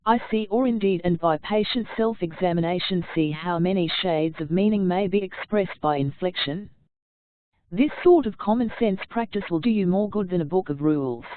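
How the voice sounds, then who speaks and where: Female audiobook narrator, lowish voice, deliberate textbook reading, dry phone-quality audio. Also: no room sound. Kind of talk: reading a public-speaking textbook aloud. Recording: dry, tinny phone-like sound.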